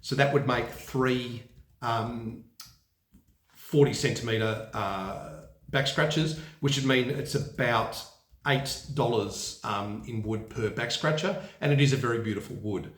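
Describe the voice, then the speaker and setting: A man's voice: mid-range voice, slow pace, a bit bright. Musing Australian man in a roomy echo. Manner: musing, self-correcting, often asks viewers questions. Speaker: vlogger. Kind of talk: casual unscripted vlog talk. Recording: roomy echoey room.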